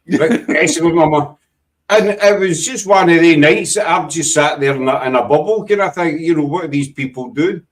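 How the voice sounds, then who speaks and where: A man's voice: a little high, expressive, normal speed, distant mic, low-quality recording. A Scottish man in casual chat, telling funny stories with laughter and swearing. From Scotland. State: half deaf. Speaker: paranormal team member guest.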